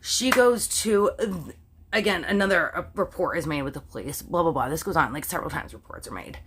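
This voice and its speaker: A woman's voice: deep voice, fairly quick, background noise. A Canadian woman telling a true crime story to her viewers in a casual, chatty way, full of "like" and swear words she stops herself from saying. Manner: chatty, animated, heavy use of "like", self-censoring swears.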